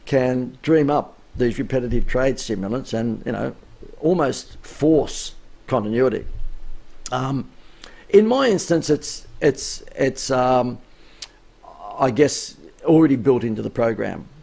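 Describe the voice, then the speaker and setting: A man talks through a business coaching session in a chatty, emphatic way, his sentences often lifting at the end. His voice is gravelly and sounds a little worn out, with a middle pitch. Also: expressive, slow pace, darkish tone. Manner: chatty, emphatic, rising inflection. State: voice wearing out. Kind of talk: live-streamed coaching talk.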